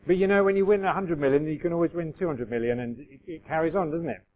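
A man's voice: on the high side, fast, narrow, tinny audio. A middle-aged man preaching a sermon in a conversational way, acting out quoted voices with self-deprecating humour. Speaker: pastor.

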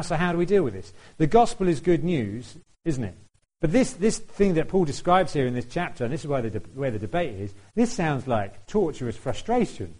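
A man's voice: medium pitch, a little mellow, rough recording. A man preaching a sermon in a conversational way, putting questions to the congregation and laughing now and then.

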